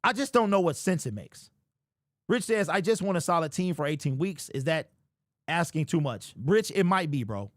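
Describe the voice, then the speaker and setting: A young man running a sports livestream reads out viewer comments and super chats while ranting in exasperated disbelief, repeating his points. His voice is a little high with lively intonation at a moderate pace. The recording is dry, with clean studio sound.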